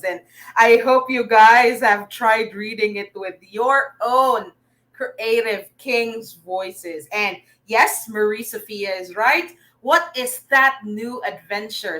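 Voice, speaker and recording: A young woman leads a livestreamed reading lesson, cheering her viewers on and reading from their comments. Her voice is bright and animated, swooping up and down in pitch, and she takes her time over each phrase. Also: poor audio. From Philippines. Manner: upbeat, praising, talks to viewers' comments. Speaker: online reading teacher.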